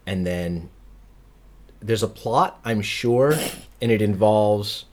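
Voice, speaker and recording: A man with a low, deep voice talks through movies in a loose, rambling way. He sounds like a podcast co-host who makes offhand jokes as he goes. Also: slow pace, a little mellow. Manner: rambling, jokey film chatter. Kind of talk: casual chat.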